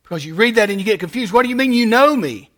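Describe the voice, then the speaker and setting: A male pastor preaching a sermon, emphatic and repetitive, swinging between loud declarations and quiet asides. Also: sits high, animated, fast.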